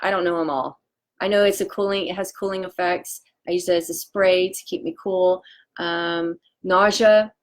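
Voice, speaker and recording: A woman in her forties selling essential oils on a live stream, talking in a chatty, excitable way with lots of fillers and restarts. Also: lowish voice, normal speed. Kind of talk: casual live-stream chat.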